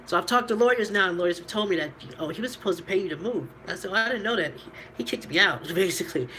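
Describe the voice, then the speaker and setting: A woman's voice: fairly low pitch, expressive, fast, pushed and bright, slight background noise, low-quality recording. A woman vlogger telling a candid personal story, rambling and profane, laughing between lines.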